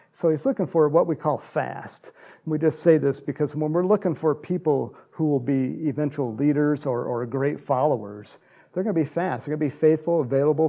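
A middle-aged man from the United States giving a loose, conversational sermon. His voice is gravelly and dark, sitting a touch high for a man. He rambles through anecdotes with restarts and chuckles. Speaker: preacher.

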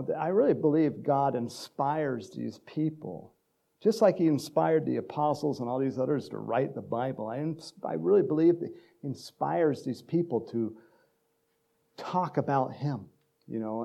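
A man's voice: medium pitch, creaky, mellow. A middle-aged male pastor from Texas giving a casual, rambling sermon full of stories and laughter.

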